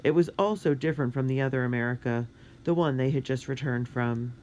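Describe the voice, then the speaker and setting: A narrator reading a children's adventure book in a clear, steady way. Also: medium pitch, brisk, a little hiss or hum.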